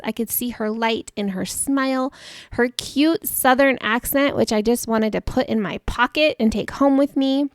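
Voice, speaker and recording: Woman host, chatty self-deprecating storyteller, gravelly edges, close and dry. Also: high voice, dry recording. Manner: chatty and warm-humored, laughs at herself. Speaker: podcast host. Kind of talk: personal storytelling monologue.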